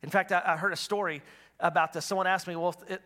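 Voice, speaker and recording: A man's voice: high-pitched, fairly even intonation, quick pace, pushed and bright. A man preaching a sermon as pastor, talking in a conversational, storytelling way with frequent restarts.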